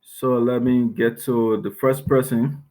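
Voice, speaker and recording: A man with a Liberian accent hosting a casual diaspora talk show, speaking haltingly with frequent fillers and restarts. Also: medium pitch, level tone, dark tone. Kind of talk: casual online show chat.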